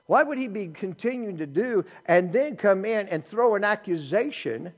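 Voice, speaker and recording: Male pastor, middle-aged, preaching a sermon with wide-ranging pitch, playful asides, loud-to-hushed swings. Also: normal speed. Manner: animated, joking asides, shifts from loud to hushed.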